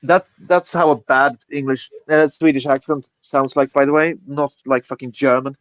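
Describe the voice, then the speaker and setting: A man's voice: mid-range voice, steady tone, moderate pace, few pauses, no room sound. A man hosting a casual livestream chat, rambling with lots of fillers and swearing freely. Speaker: podcast host. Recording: dull lo-fi dry sound.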